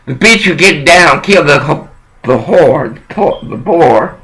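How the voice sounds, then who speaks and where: A man's voice: fairly high pitch, expressive, a little slow, sharp tone, poor audio. A man from Texas, delivering a heated, profane, rambling monologue to the camera.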